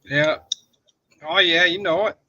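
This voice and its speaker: A man with a sharp, very bright tone and a slightly raised pitch chats in a laid-back way, laughing easily and reading out viewer comments. He comes through a remote call line that sounds dull and lo-fi. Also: steady tone, a little slow. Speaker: livestream co-host. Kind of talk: casual chat.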